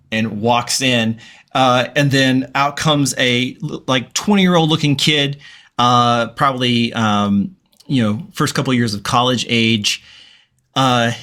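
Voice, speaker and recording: A man's voice: medium pitch, pushed and bright. A man narrating as game master, rambling and full of fillers.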